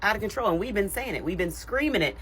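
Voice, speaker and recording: A woman's voice: medium pitch, expressive, quick pace, a bit bright, breathy edge. A woman giving social media commentary, emphatic and repetitive with a sassy edge.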